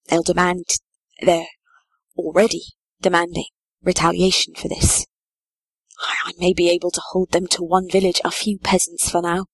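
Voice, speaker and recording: A woman reading the part of a tired, heavy-hearted medieval sheriff, speaking quietly and gravely. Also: fairly low pitch, completely flat delivery, normal speed, pauses often, no echo. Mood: grim. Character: weary grim medieval sheriff, man, middle-aged.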